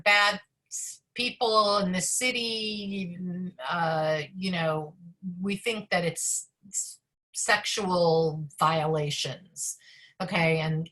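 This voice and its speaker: A woman rabbi leading an online study session over a video call, talking fast and chatty with many fillers and asides. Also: lowish voice, sharp tone.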